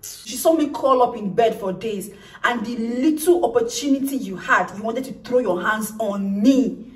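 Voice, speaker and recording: Animated young woman telling a story. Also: fairly high pitch, moderate pace, far from the mic. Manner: animated, acts out quoted lines. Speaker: vlogger. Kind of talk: storytime vlog. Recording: echoey room, off-mic.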